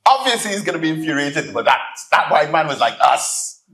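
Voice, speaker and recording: A man giving a sermon-style keynote address in a hall, telling stories with lively acted-out voices. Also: fairly high pitch, fast talker. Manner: animated storytelling, acts out voices in anecdotes. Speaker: keynote speaker, student minister. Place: hall, live audience.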